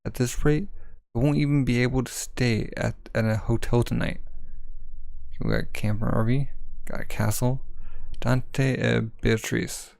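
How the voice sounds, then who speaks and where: A man's voice: mid-range voice, steady tone, measured pace, vocal fry, darkish tone, no echo, poor audio. A man casually reading a manga aloud, describing the panels and voicing the characters' lines in his own voice. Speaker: manga reader.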